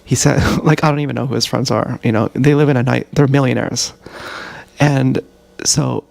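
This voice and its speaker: Gravelly man rambling through a story. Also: medium pitch, fairly even intonation, moderate pace, a little mellow, no room sound. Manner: profane, tangled retelling with self-corrections. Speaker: live streamer. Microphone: action camera.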